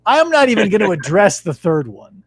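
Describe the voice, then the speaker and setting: Animated high-voiced man swearing freely. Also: fairly quick, breathy edge. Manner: animated, profane storytelling. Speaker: podcast host. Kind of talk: casual chat.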